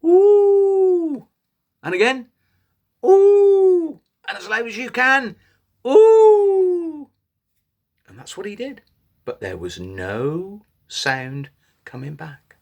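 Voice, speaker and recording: A man telling a children's story in an animated way, inviting little listeners to join in. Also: fairly high pitch, a little slow, vocal fry, highs cut off. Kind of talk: interactive children's story reading.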